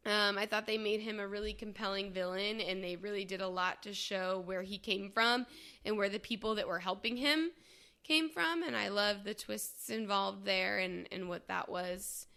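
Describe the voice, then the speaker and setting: A woman talks through a movie she loved in an easygoing, chatty way. Her voice is bright and forward, and she laughs often between thoughts. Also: mid-range voice, fairly even intonation, moderate pace, gravelly, clear, resonant tone. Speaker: co-host. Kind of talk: casual movie review chat.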